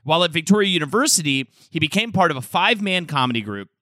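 A man's voice: fairly high pitch, sing-song, pushed and bright, dry recording. A man co-hosting a podcast, telling a history casually with the odd filler. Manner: brisk storytelling with occasional fillers. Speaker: podcast co-host.

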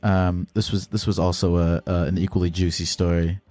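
A man's voice: deep voice, little pitch movement, mellow, no room sound, faint music behind. A man hosting a call-in podcast, talking casually with frequent restarts and fillers. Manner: halting, with many restarts and fillers. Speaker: podcast host.

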